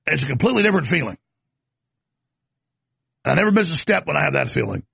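Male show host with a husky, somewhat high voice, talking off the cuff in long, rambling stretches with stuttered restarts. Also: sing-song, fast talker, pushed and bright, no room sound. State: coughing, throat irritated. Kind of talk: off-the-cuff commentary monologue.

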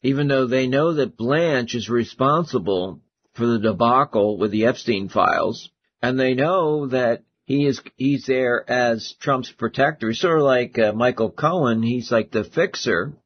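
A male host delivering an opinionated political commentary monologue, talking in halting bursts with frequent restarts. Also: medium pitch, highs cut off, a little hiss or hum.

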